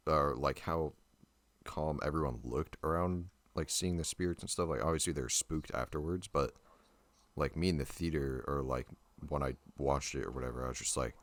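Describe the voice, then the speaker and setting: A man's voice: extremely low pitch, normal speed. A young man co-hosting a podcast in casual chat, loose and full of fillers. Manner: loose, filler-heavy talk with "dude". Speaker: podcast co-host.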